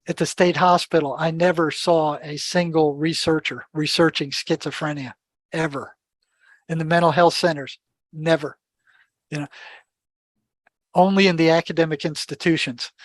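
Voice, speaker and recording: An older man speaking as an interview guest, his voice sitting somewhat high for a man. He tells his stories with animation and acts out the dialogue, often stumbling over and repeating words. The recording is close and dry. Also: no echo. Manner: repeats words and restarts sentences. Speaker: podcast guest. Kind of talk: storytelling in an interview.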